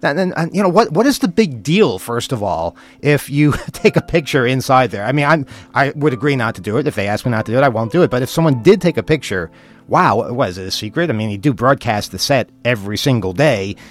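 A man's voice: mid-range voice, lively intonation, fairly quick. A man hosting a talk radio show, chatting wryly and tripping over his words. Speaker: radio host. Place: radio studio.

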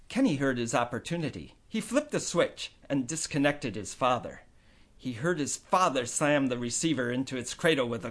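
A man narrating a storybook in an expressive storytelling manner. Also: mid-range voice, moderate pace. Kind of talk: scripted audiobook narration.

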